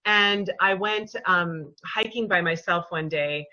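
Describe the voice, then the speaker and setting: A woman yoga teacher chatting in an interview, telling personal stories in a lively, animated way and laughing often. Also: lowish voice, slow, low-quality recording. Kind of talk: casual interview chat.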